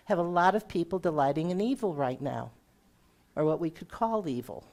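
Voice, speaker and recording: A woman's voice: on the low side, animated, unhurried. A middle-aged woman giving a conversational sermon as a guest minister, asking the congregation questions as she goes. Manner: warm conversational preaching with audience questions.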